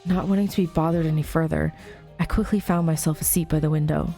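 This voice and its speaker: A woman's voice: low voice, steady tone, quick pace, creaky, mellow, faint music behind. A young woman playing a story game, reading its text aloud with chatty, giggly asides. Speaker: let's play host.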